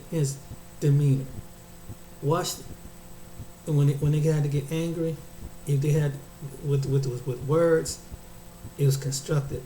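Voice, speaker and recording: Preachy man lecturing, halting restarts. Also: medium pitch, warm tone, reverberant, slight background noise, low-quality recording. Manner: preachy, repeats and restarts words often. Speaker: commentator. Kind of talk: casual opinion monologue.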